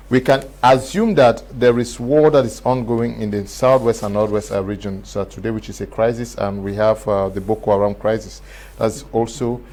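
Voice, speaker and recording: Cameroonian male host of a panel show, measured questioning tone, middle pitch. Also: a little mellow, rough recording. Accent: Cameroonian English. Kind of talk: studio panel debate.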